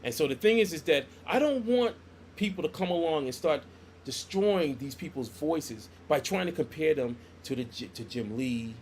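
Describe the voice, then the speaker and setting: A man's voice: on the high side, normal speed, a little hiss or hum. A middle-aged man, a comic book artist, telling stories in a casual podcast chat and acting out the dialogue he quotes. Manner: animated storyteller who acts out quoted dialogue.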